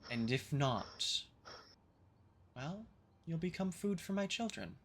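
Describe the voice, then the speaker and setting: A man voicing an ancient, mouthless vine spirit in a tabletop game, speaking slowly and with cool menace. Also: a little high, very animated, voice pushed up, heavily acted. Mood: menacing. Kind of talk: tabletop game role-play.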